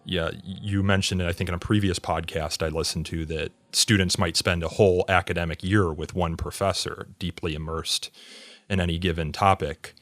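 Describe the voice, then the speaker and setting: A man with a low voice hosts an interview podcast. He asks long, measured questions, pausing on fillers as he goes. The sound is dry and close, with no room around it. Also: steady tone, a bit bright, no echo. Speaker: podcast host.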